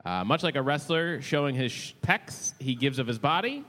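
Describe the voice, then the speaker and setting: A man's voice: mid-range voice, animated, normal speed, few pauses, a bit bright. A man on a comedy game stage, playfully grandiose and mock-serious. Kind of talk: improvised comedy pitch.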